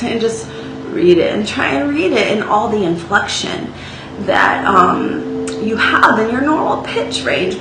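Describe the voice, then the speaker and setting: A woman teaching a singing lesson, speaking casually with sung demonstrations and frequent "okay?" check-ins. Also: medium pitch. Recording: echoey room with faint ambient noise.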